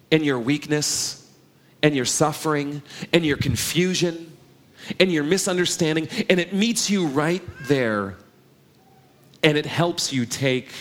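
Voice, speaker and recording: A middle-aged man delivers a sermon in an earnest, conversational way. His voice sits a little higher than most men's. He keeps turning to the congregation with rhetorical questions. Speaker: pastor.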